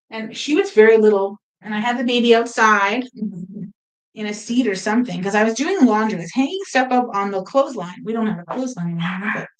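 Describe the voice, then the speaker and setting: A middle-aged woman hosting a sewing video, telling a rambling, animated story in casual chat. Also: medium pitch, low-quality recording. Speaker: quilting video host.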